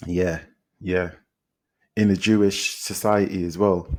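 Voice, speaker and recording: A man with a London accent on a film podcast, retelling a documentary's story in a casual, animated way and acting out people's lines. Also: low-pitched, slow. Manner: animated retelling, quotes people in character, repeats himself. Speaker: podcast co-host reviewing films. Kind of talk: casual chat.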